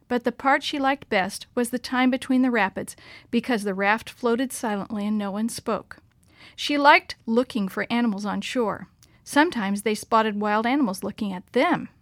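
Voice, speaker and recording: A woman narrating a children's story aloud in a clear, expressive storytelling manner. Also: a little high, dry recording, studio quality.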